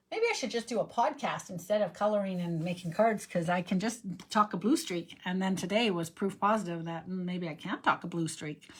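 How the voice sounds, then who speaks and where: A woman hosting a card-making livestream, chatting casually and humming to herself as she stamps and colours. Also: mid-range voice. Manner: chatty, rambling, hums and sings to herself while working. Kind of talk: casual crafting livestream chat.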